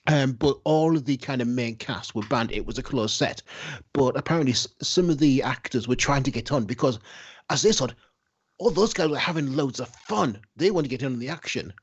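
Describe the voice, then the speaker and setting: A man's voice: mid-range voice, brisk, husky, dull audio. Man explaining film trivia casually. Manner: informative, explains at length. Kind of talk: casual chat.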